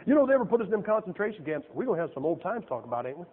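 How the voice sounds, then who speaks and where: Folksy, lively-pitched preacher man. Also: racing, hardly any pauses. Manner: folksy and joking, rhetorical questions. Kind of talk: sermon. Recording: tinny, echoey church recording.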